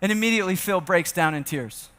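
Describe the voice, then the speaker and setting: A man giving an energetic sales keynote on stage, telling stories with acted-out dialogue and rallying the audience to join in. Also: high voice, fast talker. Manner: animated storyteller who acts out dialogue and rallies the audience. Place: large event hall on stage. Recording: long reverb of a large hall.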